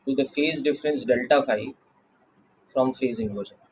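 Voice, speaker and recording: A man with an Indian English accent teaching a physics class, explaining slowly and checking in with "okay" often. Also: mid-range voice, a little mellow, lo-fi sound, slight background noise. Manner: slow, deliberate explaining with frequent "okay" checks. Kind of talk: classroom lecture.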